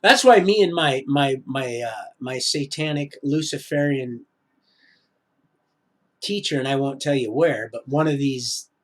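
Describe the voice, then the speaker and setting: A man telling his life story on a live stream, halting and full of restarts, drifting into preachy religious asides. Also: medium pitch. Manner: preachy, sprinkles in religious talk. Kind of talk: rambling live-stream monologue.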